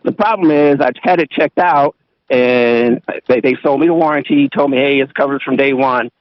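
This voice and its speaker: A man's voice: mid-range voice, normal speed, no echo. A man calling in to a radio show, hesitant and giving terse answers. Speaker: caller. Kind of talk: phone-in call. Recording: dull lo-fi radio stream.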